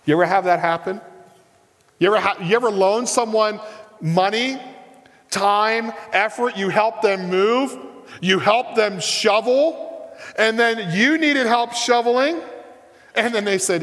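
A man preaching a sermon as pastor, animated and asking his listeners rhetorical questions. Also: high-pitched, a little slow, big-room sound.

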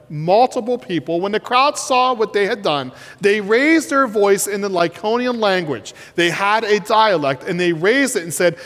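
A man preaching a sermon, his voice sitting high and leaping all over as he drops to near-whispers and rises to shouts. He wears a headset mic, and the sound carries a long reverb from a large hall. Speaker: pastor.

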